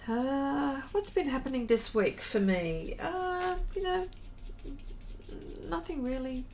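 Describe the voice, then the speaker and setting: A middle-aged woman artist chatting casually on a live stream while she draws, reading viewer comments aloud in an unhurried way. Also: sits high, creaky, slight background noise. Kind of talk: casual chat while drawing.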